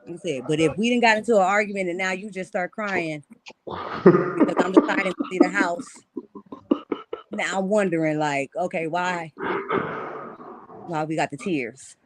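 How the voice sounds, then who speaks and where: A woman co-hosting a podcast who talks in an animated, rambling, repetitive way in a casual debate. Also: lowish voice, normal speed, pauses often, slight background noise. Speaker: podcast co-host.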